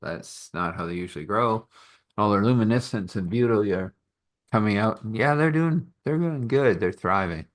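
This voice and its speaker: A man's voice: on the low side, expressive, moderate pace, lightly acted. A man voicing a cheerful, chatty queen who rambles in bubbly asides. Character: cheerful chatty queen, woman, from a fallen ship.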